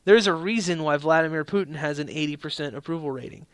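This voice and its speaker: A man's voice: a little high, quick pace, no echo. A man hosting a casual political podcast, opinionated and rambling, with frequent restarts. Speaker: podcast host.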